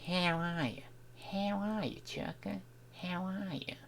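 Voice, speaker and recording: A man trying out a hushed Australian greeting. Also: sits high, slow pace, voice pushed up, heavily acted. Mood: practising. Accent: attempted Australian.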